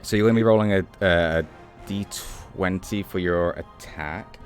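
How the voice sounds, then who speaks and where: Low-voiced man playing a tabletop game. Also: normal speed, soft background music. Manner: relaxed, hesitant, many fillers. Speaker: player. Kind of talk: casual tabletop play.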